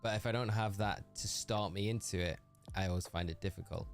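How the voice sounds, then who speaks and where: A man's voice: fairly low pitch, fairly even intonation, fairly quick, soft background music. A man with a northeastern English accent, a livestreamer chatting casually while gaming, laughing often and answering viewers by name. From northeast England.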